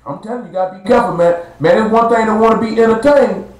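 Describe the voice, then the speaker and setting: A man's voice: sits high, quick pace. A man preaching a blunt, slangy sermon to a small live-streamed gathering, stretching out words for emphasis. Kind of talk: street-style sermon. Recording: echoey live stream room.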